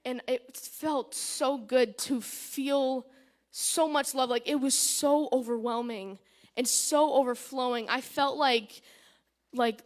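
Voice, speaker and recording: A woman's voice: high-pitched, steady tone, takes it slowly. A woman giving a personal church testimony, chatty and candid, retelling events with lots of "I was like" and nervous fillers. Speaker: testimony speaker.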